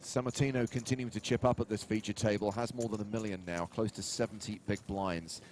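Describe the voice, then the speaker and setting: A man hosting a live poker stream, giving steady, informative play-by-play. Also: lowish voice, a little fast, slight background noise. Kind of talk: live tournament commentary.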